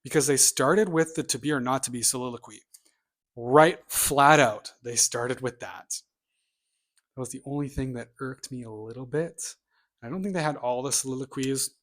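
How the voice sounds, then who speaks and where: A man's voice: medium pitch, moderate pace, fairly bright tone. A man vlogging casually about the books on his shelf, opinionated and rambling, with offhand asides and the odd muttered remark. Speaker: booktube vlogger.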